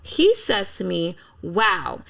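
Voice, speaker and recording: A woman musician from Philadelphia telling stories in a casual interview, animated and acting out quotes. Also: a little high, moderate pace. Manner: animated storyteller, acts out quotes, exclaims. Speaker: guest musician.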